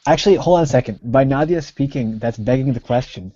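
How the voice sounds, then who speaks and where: A man's voice: mid-range voice, quick pace, mellow, slight background noise. A man in a casual online debate, pressing his point insistently and repeating words as he pushes on. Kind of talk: casual group debate on a video call. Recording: dull lo-fi call audio.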